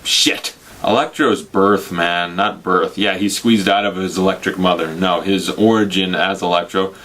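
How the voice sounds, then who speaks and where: A young man talks through a film review in a casual, ranting way, slipping into mocking quoted voices. His voice sits somewhat low. He swears freely and keeps a sarcastic edge throughout. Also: fairly even intonation, a little slow, a bit bright. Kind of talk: casual spoiler review rant.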